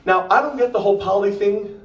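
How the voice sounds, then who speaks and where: A young man performing a stand-up comedy set, ranting with punchy asides and tagging jokes with a quick "okay?". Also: high-pitched. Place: pop-up theater stage. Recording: roomy theater sound from far off.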